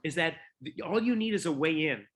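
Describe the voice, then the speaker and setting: A man hosts a relaxed interview and talks in a playful, easygoing way. He often breaks off his sentences and starts again. His voice sounds bright and a little higher than most men's. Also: brisk. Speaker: podcast host. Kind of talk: casual interview chat.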